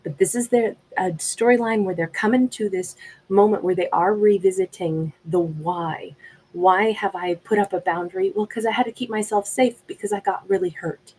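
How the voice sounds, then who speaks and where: A woman giving a gentle, reflective tarot reading in a conversational way. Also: medium pitch, moderate pace, husky, poor audio. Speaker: tarot reader.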